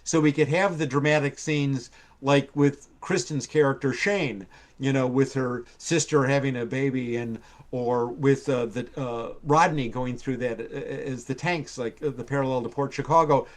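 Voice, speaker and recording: A man's voice: medium pitch, steady tone, normal speed. An older man, a TV writer, telling rambling stories on a live stream, full of fillers and acted-out quotes. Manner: rambling storyteller with many fillers, acts out quoted voices. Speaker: TV writer and producer guest. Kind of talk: casual anecdote telling. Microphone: live stream call.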